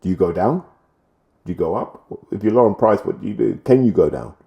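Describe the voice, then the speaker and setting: A man's voice: low voice, a little fast, creaky, lo-fi sound. A man giving blunt, opinionated boxing commentary in a rambling vlog style.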